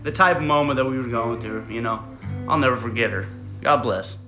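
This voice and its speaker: A man's voice: medium pitch, brisk, music in the background. A young man talking bluntly in an interview, casual and swearing, often trailing off. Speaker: interviewee, son.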